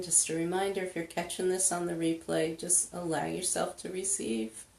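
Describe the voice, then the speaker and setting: Slow, low-voiced woman healer in an echoey room. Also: creaky, a little mellow. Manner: chatty, slow, greets viewers, laughs often. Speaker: energy healer leading a live session. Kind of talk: live-stream money clearing session.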